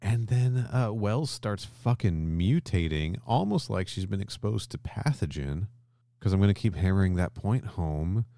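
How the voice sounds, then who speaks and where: A very deep-voiced man recaps a story on a podcast, lively and loose, jumping into characters' lines as he goes. His voice is close and dry, with no room sound around it. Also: a little slow, gravelly, dry recording. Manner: animated retelling, acts out character lines, swears casually. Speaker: podcast host. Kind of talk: casual chat recapping a story.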